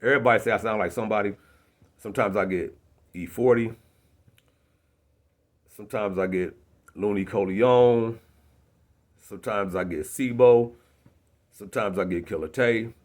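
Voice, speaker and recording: A man's voice: lowish voice, moderate pace, pauses often. A young man, a rapper, telling a casual story in street slang, often asking "you know what I'm saying". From South Bend, Indiana.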